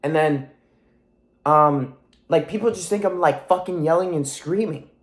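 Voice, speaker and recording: A young man in his twenties, his throat sore and his nose stuffy, talks in a soft voice that sits a little high for a man. He rambles to camera in a profane, emphatic way, swearing often and repeating himself. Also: unhurried. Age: 20s. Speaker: vlogger. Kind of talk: casual monologue to camera.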